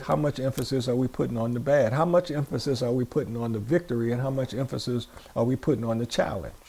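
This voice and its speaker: A man's voice: mid-range voice, vocal fry, a little mellow. A male pastor giving a sermon, repeating phrases and asking his congregation questions. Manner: repetitive, call-and-response preaching. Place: church.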